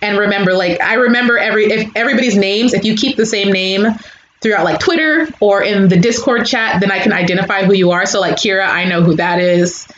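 A woman's voice: mid-range voice, brisk, a bit bright, roomy sound, highs cut off, slight background noise. A young woman from California hosting a casual live stream, chatting and answering viewer comments. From California, USA.

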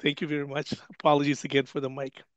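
A man's voice: fairly high pitch, monotone, quick pace, dry recording, dull audio. A man moderating a webinar, introducing the next presenter in a hesitant way with many fillers. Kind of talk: event moderation.

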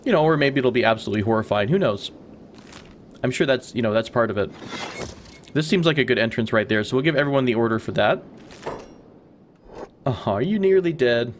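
A man talking through his game session in a loose, easygoing way. He rambles and thinks aloud, with asides as he goes, in a voice of middling pitch. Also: lively intonation, a little fast, pauses often, a little hiss or hum. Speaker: let's play host. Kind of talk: casual gameplay commentary.

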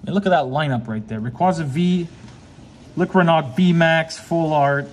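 A man with a slightly high voice hosts a laid-back card-opening session, teasing his buddy and calling out each pull with excitement. A faint hiss sits under the recording. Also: moderate pace. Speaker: channel host. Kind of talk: casual card-opening chat.

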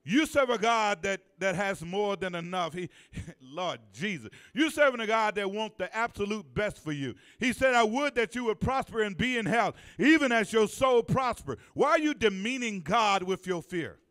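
A man with a high voice, lively intonation and a clean, fairly bright tone preaches as pastor in a church sanctuary. He elongates key phrases for emphasis while calling on the congregation to answer back.

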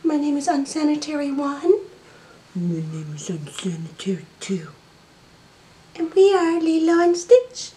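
A woman voicing sweet chihuahua puppies, squeaky. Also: sing-song, unhurried, long pauses, warm tone. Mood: cheerful. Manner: cutesy, cheerful, sing-song.

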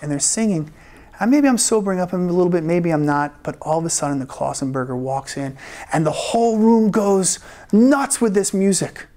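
A man, a rabbi, telling a personal story live at a story slam, animated and laughing often as he acts out the quoted lines. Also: fairly high pitch. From United States. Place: event stage before an audience.

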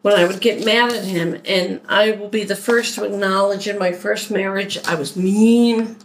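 A woman's voice: mid-range voice, steady tone, a little hiss or hum, poor audio. A woman from Philadelphia chatting casually through a shopping haul, unpacking items as she goes. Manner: chatty, unhurried, talks while unpacking items. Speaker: vlogger doing a shopping haul. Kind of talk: casual haul video chat.

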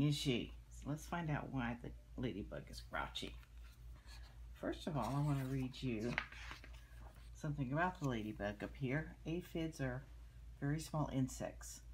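An older woman reading a picture book aloud to children, gently pointing out the pictures and explaining them as she goes. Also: very deep voice, breathy edge.

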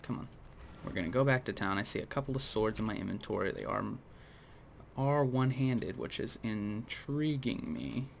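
A man giving casual gameplay commentary, going off on opinionated tangents and talking straight to viewers, with a dry mouth that keeps him clearing his throat. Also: fairly low pitch, expressive, moderate pace, a little hiss or hum. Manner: rambling, opinionated tangents, addresses viewers directly. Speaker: gaming video host.

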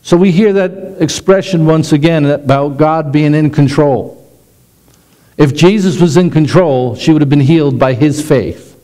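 A middle-aged man, a pastor, preaching a sermon with animated delivery that slows down for emphasis. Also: a little high, low-quality recording.

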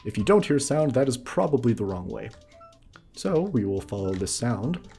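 A man's voice: mid-range voice, very animated, normal speed, creaky, dark tone, faint music behind. A man giving casual let's-play commentary, chuckling and explaining as he plays. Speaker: gamer.

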